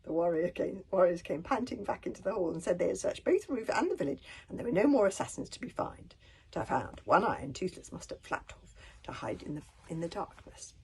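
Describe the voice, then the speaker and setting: Husky lady reading a kids book out loud, drifts into near-whispers, bouncy pitch, chats a bit between lines. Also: big pitch swings, brisk. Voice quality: husky, often drops to a breathy near-whisper. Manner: casual, with asides and small stumbles. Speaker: reader. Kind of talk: reading a children's book aloud.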